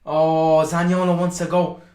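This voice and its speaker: A man hosting a live football watchalong stream, reacting excitedly to the match and chatting with his viewers. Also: fairly high pitch, a little slow, echoey room. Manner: excitable, shouts and boasts at goals, chatty with viewers.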